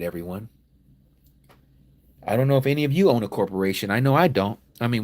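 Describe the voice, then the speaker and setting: An American man teaching a Bible study livestream, preaching emphatically with rhetorical questions and conversational asides. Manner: emphatic preaching that swings from low, slow reading to loud, fired-up exhortation.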